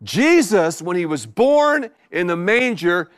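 Animated preaching man with lively pitch. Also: takes it slowly, clear, resonant tone, no echo, studio quality. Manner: animated preaching with emphatic repetition. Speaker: pastor. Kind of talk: sermon. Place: live before a congregation.

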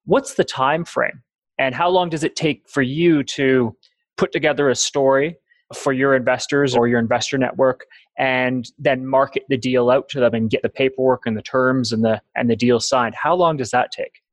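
A man's voice: mid-range voice, steady tone, moderate pace, no echo, rough recording. Man asking long questions, dry sound. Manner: long, probing, hypothetical questions. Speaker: podcast host. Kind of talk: interview questions.

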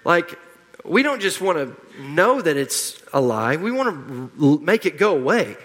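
A man's voice: a little high, big pitch swings, measured pace, fairly bright tone. A middle-aged man preaching a sermon, emphatic and repetitive, leading the congregation in call-and-response. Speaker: pastor. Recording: long hall reverb.

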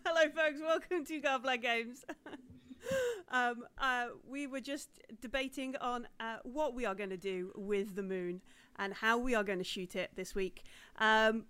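A woman's voice: a little high, unhurried, a bit bright, clean tone. A woman hosting and running a live tabletop role-playing game, chatty and full of fillers and laughs. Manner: chatty, laughing, lots of ums. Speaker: game master.

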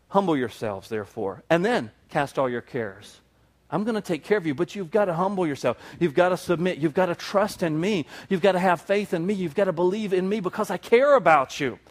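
A male pastor preaching a sermon to a congregation, building to emphatic peaks with repeated phrases. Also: sits high.

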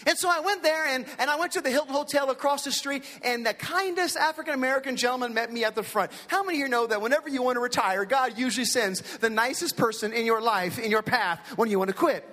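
A man in his forties preaching a lively storytelling sermon, acting out the people in his stories. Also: extremely high pitch, quick pace, hardly any pauses. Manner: animated, impersonates characters in his stories. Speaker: pastor. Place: large hall with an audience. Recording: long hall reverb.

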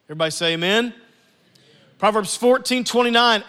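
A man preaching a sermon to his church, animated and acting out family scenes. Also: very high voice, normal speed, smooth, in a large hall. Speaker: pastor.

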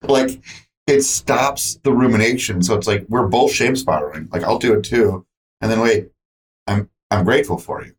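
A man's voice: on the low side, moderate pace. Candid, reflective man. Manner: candid, reflective, says "like" often. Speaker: podcast co-host. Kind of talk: casual heartfelt chat.

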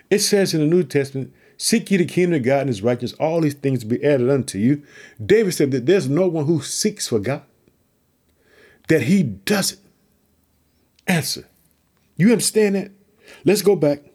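A man's voice: high voice, animated, moderate pace, pauses often, a little mellow. A man preaching through a psalm, reading verses aloud and urging listeners he calls family to trust and pray. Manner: repeats catchphrases between verses. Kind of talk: Bible teaching talk.

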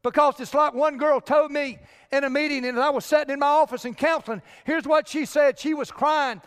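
Preacher, male, very high voice, emphatic pulpit delivery, long hall reverb. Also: steady tone, fairly quick, fairly bright tone. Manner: emphatic preaching, addresses the congregation directly. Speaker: pastor. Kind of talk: sermon.

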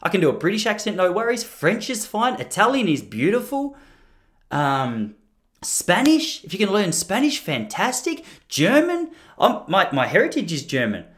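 A man's voice: high-pitched, huge pitch swings, moderate pace, fairly bright tone. An Australian man talking to camera in a casual vlog, rambling and joking at his own expense with lots of restarts. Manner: rambling, jokey and self-deprecating, full of restarts. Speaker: vlogger.

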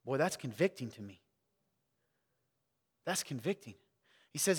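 A man from the South, preaching a sermon and quizzing his congregation, swinging between loud emphasis and hushed asides. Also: on the high side, a little fast, in a large hall. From American South. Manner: energetic, questioning the crowd, wide swings from loud to hushed. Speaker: pastor. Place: church sanctuary.

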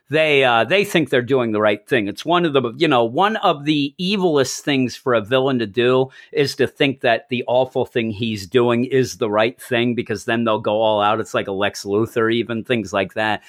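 A man's voice: mid-range voice, normal speed, a bit bright. A middle-aged man co-hosting a podcast in casual chat, telling long rambling stories and chuckling as he goes. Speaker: podcast co-host.

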